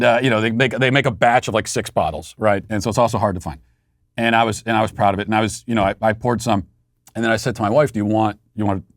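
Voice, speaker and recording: A man's voice: medium pitch, no room sound, clean studio sound. A man hosting a podcast, telling a story in a sardonic, mock-outraged way. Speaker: podcast host. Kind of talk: casual monologue.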